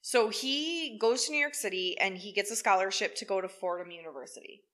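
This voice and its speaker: A woman with a bright, forward voice tells a true-crime story in relaxed podcast chat. She keeps the talk wry and salty and swears freely. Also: medium pitch, brisk. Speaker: podcast co-host.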